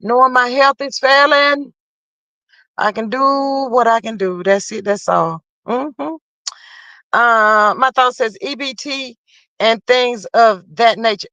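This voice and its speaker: A woman's voice: a little high, slow pace, bright, forceful tone, no room sound, dull audio. Chatty woman hosting a live stream. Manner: chatty, folksy, talks straight to viewers with "child" and "y'all". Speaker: live-stream host reading chat. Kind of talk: casual live-stream chat.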